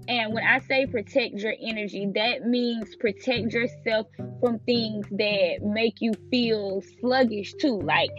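A young woman with a Southern US accent, hosting a casual solo podcast and talking candidly to her listeners. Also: a little high. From Southern United States. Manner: chatty, candid, laughs at herself, speaks straight to listeners. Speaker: podcast host. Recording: slightly dull lo-fi audio with faint music behind.

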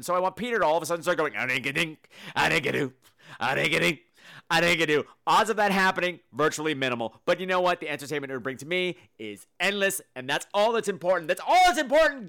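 A man hosts a comedy podcast, spinning campy, animated stories that burst into loud exclamations now and then. His voice sits a little high and sounds smooth and resonant. He talks in a loose, chatty monologue. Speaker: podcast host.

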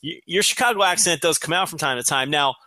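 A man's voice: on the high side, quick pace, pushed and bright, dry recording. A man co-hosting a podcast, chatting casually with dry, joking remarks. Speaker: podcast co-host.

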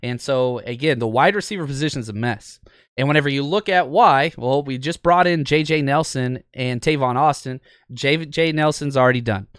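A man's voice: medium pitch, moderate pace, a bit bright, dry recording, clean studio sound. A man hosting a sports podcast, talking casually and with enthusiasm, with lots of ums and uhs. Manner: chatty, enthusiastic, frequent fillers. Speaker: podcast host.

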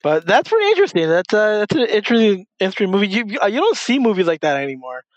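A man's voice: high voice, big pitch swings, very fast, dry recording, dull audio. A man in casual chat who talks in a rambling way, with many restarts and fillers. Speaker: podcast co-host.

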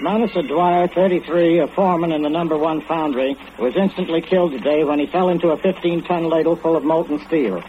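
An actor playing a male radio news announcer who reads a bulletin in a crisp, formal way. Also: on the high side, a little fast, hardly any pauses, close to an everyday voice. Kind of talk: 1940s radio acting. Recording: tinny old radio broadcast, hiss.

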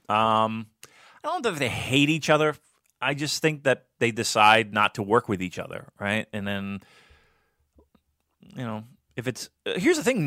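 A man telling casual stories in a podcast chat, animated and swearing, often jumping into a high voice when he quotes people. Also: no echo, studio quality.

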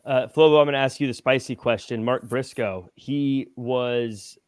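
A man's voice: mid-range voice, steady tone, normal speed, darkish tone, dry recording. A man hosting a casual wrestling review podcast, recapping each match and then tossing questions to his co-hosts. His voice sits in the middle range and comes through dry and close, with no room sound around it. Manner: leads discussion, recaps matches, asks questions. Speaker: podcast host.

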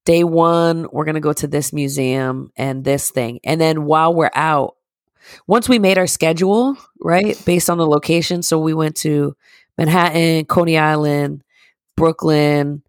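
A woman co-hosts a casual podcast, her voice gravelly with vocal fry. She rambles through animated stories and laughs often. The sound is dry and close. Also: low voice, unhurried, no room sound. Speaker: podcast co-host. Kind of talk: casual chat.

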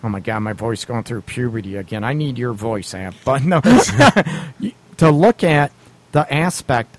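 A man of ordinary pitch hosts a radio advice segment. He talks bluntly and casually, with frequent laughs and mild swearing. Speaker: radio show host giving relationship advice.

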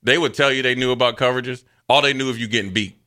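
A man on a sports talk show spins loose, chatty stories from his playing days. His voice is bright and forceful at a middle pitch, and he jumps into the voices of coaches and teammates as he tells it. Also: fast talker. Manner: animated storyteller, acts out quotes, loose and chatty. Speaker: sports radio co-host, former NFL player. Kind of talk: casual sports talk storytelling.

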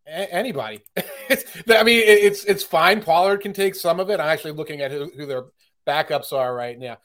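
A man's voice: on the high side, brisk, a bit bright. A man talking football on a podcast, chatty and opinionated, with frequent fillers and restarts. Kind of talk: casual sports podcast chat.

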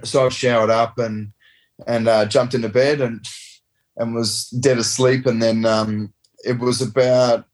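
This rugby player guest, a man in his thirties, speaks at medium pitch in a level tone and a little slowly, spinning a meandering, easygoing interview story with offhand swearing.

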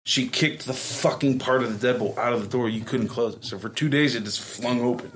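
Man, mid-pitched, profane animated storyteller, casual podcast. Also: fairly quick, a little hiss or hum. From Ohio, USA. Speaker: podcast guest.

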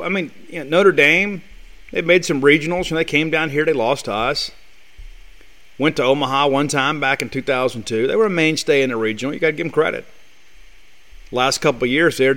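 A man's voice: medium pitch, fairly bright tone. A man hosting a sports talk show, delivering a blunt, fired-up monologue full of rhetorical questions.

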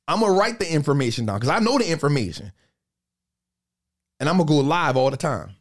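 A man in a casual podcast chat, telling stories in an animated, slangy way and repeating phrases for emphasis. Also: a little high, a little fast, long pauses.

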